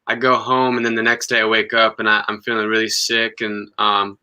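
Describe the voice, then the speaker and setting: A young man in his twenties talks in a casual interview with a very bright, forward tone. His pitch stays flat and even, and he stumbles through restarts and filler words. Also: clean tone. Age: 20s. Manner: halting, many ums and restarts. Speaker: guest musician.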